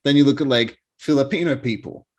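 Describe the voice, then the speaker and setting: A man's voice: medium pitch, brisk, darkish tone, highs cut off. A man hosting a podcast, laid-back and swearing freely in casual chat. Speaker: podcast host.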